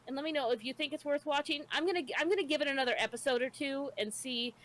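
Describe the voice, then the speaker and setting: A woman's voice: high voice, fast talker, fairly bright tone. Chatty woman retelling an anime plot. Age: adult with children. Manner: chatty, laughs often, stumbles over names. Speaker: podcast co-host. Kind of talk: casual retelling of an anime episode.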